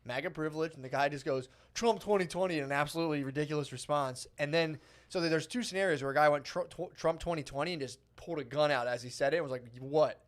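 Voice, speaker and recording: A man's voice: on the high side, fast talker. A man in his thirties co-hosting a casual comedy podcast, rambling through a story and acting out the quotes, laughing often. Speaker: podcast co-host.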